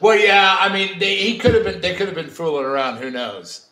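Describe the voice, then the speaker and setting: A man's voice: high voice, brisk, bright, forceful tone. A man co-hosting a podcast in casual chat, playful and teasing, full of movie references. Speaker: podcast co-host.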